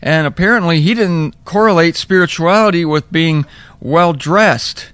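A man's voice: on the high side, unhurried, fairly bright tone, clear, resonant tone, no room sound. A middle-aged man hosting a daily Bible talk, telling stories with humor and mocking asides in a conversational sermon style.

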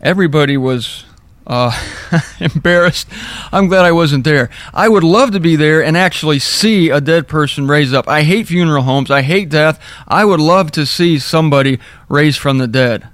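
A man with a fairly high voice leads a relaxed Bible lesson, reading verses aloud and breaking off for dry, humorous asides. The sound is close and dry, with no room around it. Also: normal speed, no room sound. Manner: wry, chatty asides between readings. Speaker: Bible teacher. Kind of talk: informal scripture teaching.

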